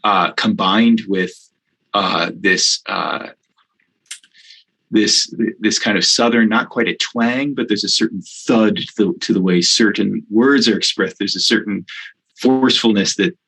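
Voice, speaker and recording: Gravelly man speaking haltingly. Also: fairly low pitch, bright, forceful tone, poor audio. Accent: Midwestern American. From United States. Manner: hesitant, many fillers and restarts. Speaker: guest theology professor. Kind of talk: thoughtful podcast interview answer.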